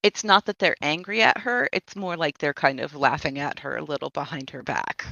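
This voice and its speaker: A woman player in a tabletop game, talking in an animated way and laughing often. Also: low-pitched, moderate pace, gravelly, no echo.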